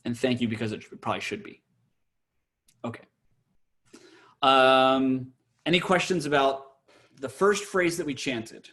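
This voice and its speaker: A man's voice: medium pitch, a little slow, long pauses, fairly bright tone. A man teaching a cantor's class on a video call, chatty and playful, slipping into chant.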